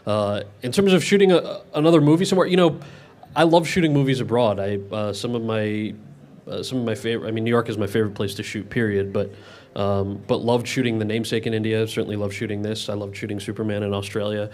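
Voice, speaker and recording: Actor at a Q&A: quick delivery, slightly low voice, lots of restarts. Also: male voice, steady tone, a little mellow. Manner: talks fast with many quick restarts. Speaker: actor answering audience questions. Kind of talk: casual Q&A answers.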